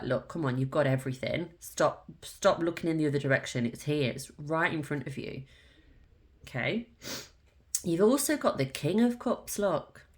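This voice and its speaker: A woman giving a casual tarot reading to camera, frank and coaxing, swearing freely and often saying "look" and "like". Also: low-pitched. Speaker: tarot reader.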